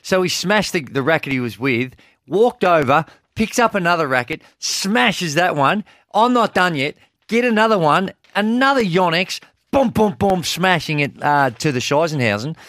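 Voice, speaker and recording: A man co-hosting a sports talk radio show, wry and animated when telling stories. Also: a little high, moderate pace, no echo, clean studio sound. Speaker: radio co-host. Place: radio studio.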